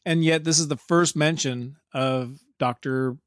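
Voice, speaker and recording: A man's voice: fairly high pitch, fairly even intonation, unhurried, clear, resonant tone, dry recording, studio quality. Wry, joking man in a movie chat. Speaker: podcast co-host. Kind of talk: casual movie review chat.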